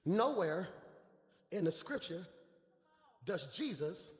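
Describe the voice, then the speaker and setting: High-voiced preacher shouting in an echoey hall. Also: male voice, slow. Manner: animated preaching with shouted bursts and casual slang. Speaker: pastor. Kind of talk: sermon.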